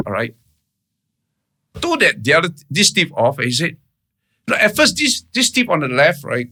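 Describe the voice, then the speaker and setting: A man's voice: mid-range voice, sharp tone. A man speaking as a guest in an interview, telling a personal story in earnest, plain words and often checking in with "right?". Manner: keeps checking in with "right?" and "all right?"; earnest, plain-spoken retelling.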